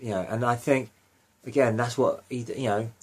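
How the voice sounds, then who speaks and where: A man's voice: medium pitch, fairly even intonation, normal speed. A young man hosting a fan podcast, rambling casually with lots of fillers and self-corrections. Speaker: podcast host.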